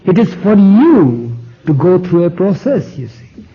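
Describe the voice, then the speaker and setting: A man's voice: sits high, very animated, unhurried. A man from India, telling a story in an informal talk with frequent conversational asides. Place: hall. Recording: dull 1970s tape recording.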